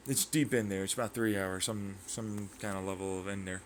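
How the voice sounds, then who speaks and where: A man hosting his own channel, talking through a rambling, excitable science monologue full of tangents, sound effects and swearing. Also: fairly low pitch, fairly quick, slight background noise. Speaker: channel host.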